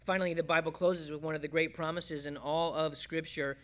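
Bright-voiced man preaching to his church. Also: a little high, little pitch movement, fairly quick. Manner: preaching with sweeping swings from loud emphasis to hushed quiet. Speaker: pastor. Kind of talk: sermon.

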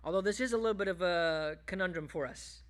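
A man preaching a sermon as a pastor, shifting between loud, emphatic bursts and hushed, low passages. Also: fast.

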